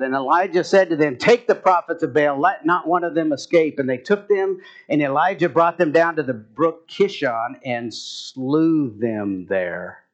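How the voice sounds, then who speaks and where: A man preaching a sermon, building to emphatic bursts as he retells scripture stories. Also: medium pitch. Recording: muffled, dull lo-fi sound.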